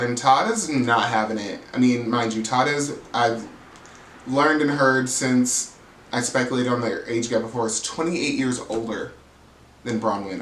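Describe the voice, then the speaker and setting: A man's voice: mid-range voice, fairly bright tone, echoey room, a little hiss or hum, rough recording. A man giving a casual, gossipy, profane recap of a reality TV episode, sassy and chatty as he talks straight to his viewers. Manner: sassy, profane, chatty, calls people "girl".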